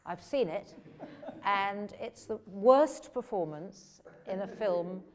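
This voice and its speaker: An older woman from England, an actress telling lively, self-deprecating stories about her career at a question-and-answer session. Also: mid-range voice, takes it slowly. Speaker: actress guest at a film Q&A. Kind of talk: anecdotal Q&A storytelling.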